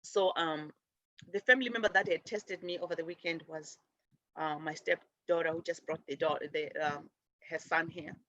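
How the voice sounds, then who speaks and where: A middle-aged woman gives a gentle spiritual talk, wandering from thought to thought and circling back with fillers and restarts. The sound is dry and close, a little dull and lo-fi. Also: deep voice, steady tone, moderate pace, no echo. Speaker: spiritual show host. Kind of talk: casual spiritual teaching.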